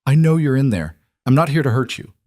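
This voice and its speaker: A man voicing a cold, commanding mafia boss of about forty, speaking in a calm, measured and quietly threatening way. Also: mid-range voice, no room sound, studio quality, voice pushed up, natural voice.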